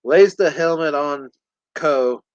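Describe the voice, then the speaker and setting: A man hosting a podcast, recapping a film in animated, casual storytelling full of laughter. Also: on the high side, slow pace, no echo, dull audio. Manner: animated storytelling, laughs often, acts out scenes. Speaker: podcast host.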